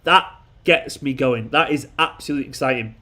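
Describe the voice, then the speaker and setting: A man hosting a football fan channel, giving an excitable live post-match reaction and answering viewer comments with emphatic repetition. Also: mid-range voice, fairly quick. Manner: excitable, emphatic, repeats himself.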